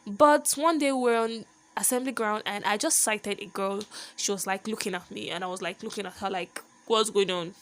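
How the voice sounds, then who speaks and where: A young woman telling a personal story in a lively, animated vlog monologue. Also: medium pitch, moderate pace, a little hiss or hum. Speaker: vlogger.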